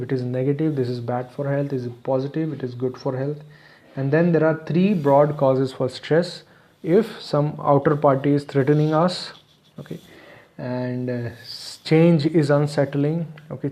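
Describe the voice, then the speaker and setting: A man's voice: mid-range voice, mellow. A man presenting a webinar lecture, explaining step by step, repeating his phrases and checking in with "okay". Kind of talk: online lecture.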